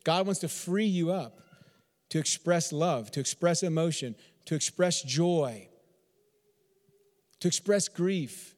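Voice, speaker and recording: A man with a high voice preaches from Texas-born conviction, stacking repeated phrases and rhetorical questions. His sermon rings out with a long reverb, as if in a large sanctuary. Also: slow pace, pauses often. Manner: repetitive, emphatic rhetorical questions. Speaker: pastor.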